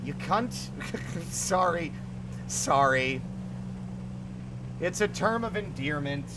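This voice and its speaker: Male streamer with a lightly raised voice. Excitable, jokey, swears freely. Desk mic with a clear car engine rumble behind. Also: takes it slowly. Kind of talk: casual live-stream chat while gaming. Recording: constant car engine noise from the game.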